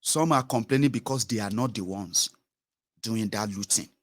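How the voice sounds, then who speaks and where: Blunt man giving commentary. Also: lowish voice. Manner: blunt, moralizing, with many filler pauses. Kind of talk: political commentary monologue.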